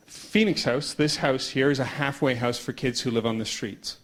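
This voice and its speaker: Male conference speaker, quick animated storyteller, casual and conversational. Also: medium pitch. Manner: animated storyteller acting out dialogue; quick pace with slowing down. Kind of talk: storytelling talk to an audience.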